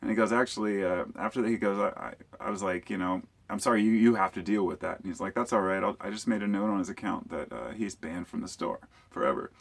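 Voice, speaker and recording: Husky man telling a rambling story. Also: low voice, fast talker, few pauses. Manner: rambling, animated retelling with quoted dialogue. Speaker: YouTuber. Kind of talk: casual storytelling vlog.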